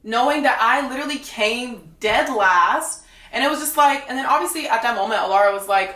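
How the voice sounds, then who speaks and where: A woman's voice: a little high, expressive, brisk, sharp tone. A young woman, a reality dating show contestant, telling her side in a blunt, gossipy way, full of "like". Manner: blunt, gossipy, heavy use of "like". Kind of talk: casual storytelling to camera. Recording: echoey room, mic at a distance.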